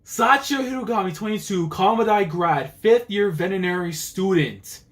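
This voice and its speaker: A young man reads a manga chapter aloud and reacts as he goes, excitable and full of slang, often performing the characters' lines. His voice sits high and his pace is moderate.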